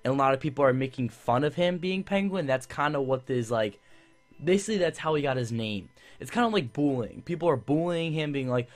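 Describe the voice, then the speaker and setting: A man's voice: medium pitch, animated, a little fast. A young man giving a casual, enthusiastic TV review that rambles, with many fillers and restarts. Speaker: YouTube TV reviewer.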